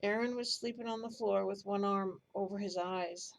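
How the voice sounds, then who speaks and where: A woman reading a children's bedtime story aloud in a gentle, expressive way. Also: mid-range voice, normal speed, creaky, rough recording.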